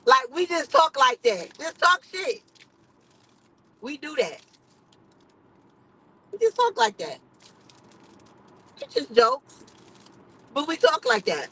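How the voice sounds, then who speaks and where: A woman's voice: high voice, very animated, slow pace, pauses often, a bit bright, rough recording. A woman hosting her own livestream, chatting candidly and with plenty of swearing and laughter. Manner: candid, profane, laughs often. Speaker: livestream host. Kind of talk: casual livestream chat.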